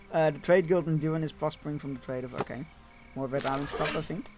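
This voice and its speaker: A man's voice: fairly high pitch, moderate pace, noisy background. A man streaming a strategy game live, reading the card text aloud and joking with chat, swearing now and then.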